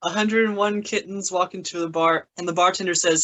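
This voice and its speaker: A teenage boy telling improv one-liners in a plain, slightly halting way. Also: sits high, steady tone, bright, forceful tone, rough recording. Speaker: high school improv performer.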